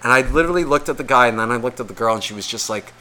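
Bright-voiced man ranting with heavy swearing. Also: medium pitch, rapid-fire. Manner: heavy swearing, rambling and exasperated; acts out the voices of people in his stories. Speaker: podcast co-host. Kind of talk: casual storytelling rant.

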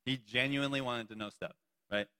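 A man's voice: mid-range voice, fairly even intonation, fairly quick, sharp tone, clear, resonant tone, long reverb tail. A young man preaching a sermon to a youth group, playful and joking between points. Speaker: youth pastor.

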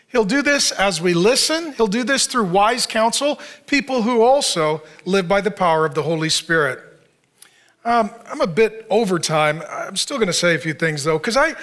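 A man's voice: high-pitched, pushed and bright. A man preaching a conversational sermon in a church, with rhetorical questions, asides and humor. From Arizona, United States. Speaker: pastor.

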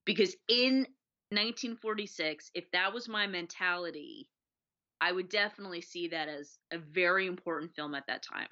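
Bright-voiced woman gushing about films. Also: on the low side, normal speed. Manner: enthusiastic, acts out movie lines. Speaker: podcast co-host. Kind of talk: casual film discussion. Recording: dull lo-fi audio.

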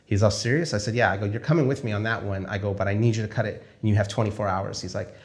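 A male film director telling a story casually, acting out the conversations he quotes. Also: fairly low pitch. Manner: animated, acts out dialogue in quick quoted exchanges.

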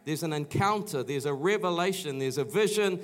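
Man, middle-aged, from New Zealand, pastor, church sermon, chatty testimony, slightly higher voice. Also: normal speed. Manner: conversational storytelling, many restarts, acts out quoted voices. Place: church auditorium.

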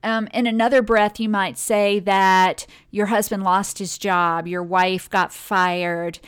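Speaking slowly and steadily in a clear, resonant, mid-pitched voice, a woman leads a motivational talk about well-being. She talks to her listeners directly, in a conversational way.

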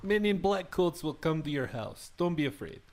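A man's voice: a little high, very animated, moderate pace, a crowd in the background, pitched above the performer's own voice. A mock-menacing Soviet party official, put on by a man in a raised, jokey voice. He warns with exaggerated comic threat. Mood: mock menace.

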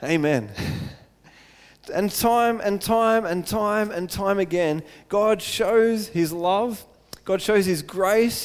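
High-voiced preacher man in a reverberant hall. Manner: earnest, builds to excited emphasis, repeats phrases. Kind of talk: sermon.

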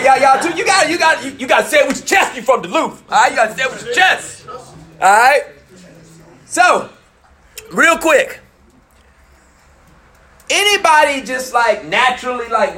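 High-voiced man joking with a crowd. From Memphis. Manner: candid, joking, lively slang. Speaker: youth speaker. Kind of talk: frank talk to a live group. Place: room with a live audience.

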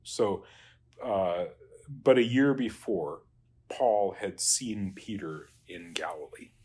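A man working through Latin translation exercises as a teacher, halting and trailing off quietly. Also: on the low side, slightly rough. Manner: halting, many fillers and restarts, trails off quietly.

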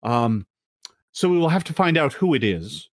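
A man voicing a plain-spoken female deep gnome guide, matter-of-fact and a little hesitant. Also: sing-song, normal speed, no room sound, studio quality.

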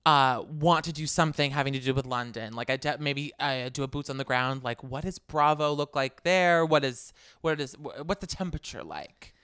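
Chatty co-host guy, bright smooth voice, gushes a lot. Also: medium pitch, normal speed, hardly any pauses, no echo, studio quality. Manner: gushing, animated, laughs a lot. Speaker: podcast co-host. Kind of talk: casual chat.

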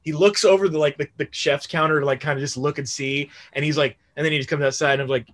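A man's voice: on the high side, fairly even intonation, fast, a bit bright. A young man telling a casual, rambling story on a podcast, swearing freely and padding his sentences with "like.". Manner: rambling, profane, full of "like" fillers.

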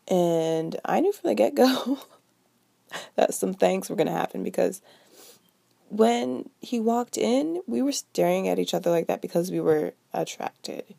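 Young woman in her twenties, vlogger; stuffy from a cold, gravelly and mellow, casual storytime delivery. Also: fairly low pitch, no echo. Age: 20s. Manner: chatty, lots of "like". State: stuffy, a little sick.

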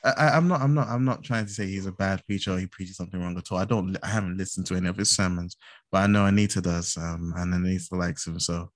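A man with a very deep voice speaks in an earnest, casual way during a podcast discussion. The sound is dry and close, and he often corrects himself mid-sentence. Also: fairly even intonation, quick pace, no room sound. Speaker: podcast co-host. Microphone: headphones on a call.

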